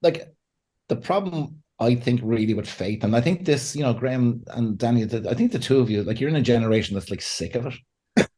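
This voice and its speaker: A man, a pastor and counselor, talking as a podcast guest in a lively way, often laughing and acting out what people say. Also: mid-range voice, fairly quick. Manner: animated, laughs often, acts out quotes. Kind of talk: conversational podcast interview.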